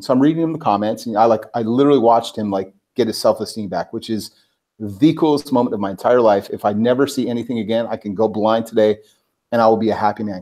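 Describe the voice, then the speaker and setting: A man telling a personal story as a guest on a talk show, in a slightly low voice. His talk is loose and animated, packed with filler words. He slips into little acted-out quotes of what people said. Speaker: guest, personal branding expert. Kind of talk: casual storytelling anecdote.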